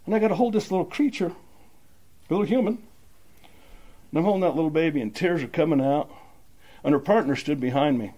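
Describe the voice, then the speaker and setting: In a meeting room, an older man stands up and shares his recovery story in folksy, plainspoken terms. His voice is fairly high and dark in tone, and he talks briskly with frequent pauses. The telling is heartfelt and unpolished, built from everyday words.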